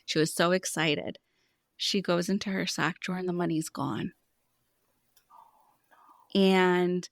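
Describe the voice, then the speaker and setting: A woman's voice: lowish voice, fairly even intonation, a little slow, vocal fry, long pauses, dry recording, studio quality. A woman in her thirties, a money coach speaking as a podcast guest, telling stories in an earnest, explanatory way. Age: 30s. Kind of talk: casual podcast conversation.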